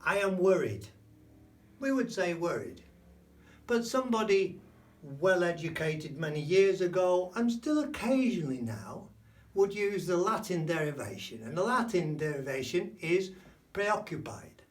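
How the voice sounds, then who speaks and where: A man giving a spoken language lesson, explaining slowly and repeating key words. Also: high voice, sing-song, distant mic. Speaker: language teacher.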